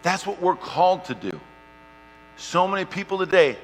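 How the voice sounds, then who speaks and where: A man preaching a sermon and telling a personal story, shifting between loud, lively stretches and quiet, hushed ones. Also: high voice, normal speed. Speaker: pastor. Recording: long hall reverb, faint mains hum.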